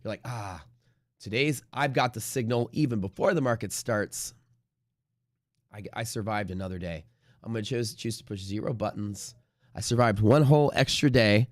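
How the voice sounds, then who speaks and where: A man hosting a live day-trading stream, rambling casually with lots of swearing and sudden loud bursts of mock trader shouting. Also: on the low side, normal speed, dry recording, studio quality.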